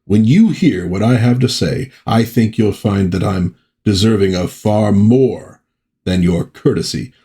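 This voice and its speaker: A man's voice: fairly low pitch, a little slow, dark tone, lightly acted. A man reading comic dialogue aloud as a grandiose, theatrical male space trader lord.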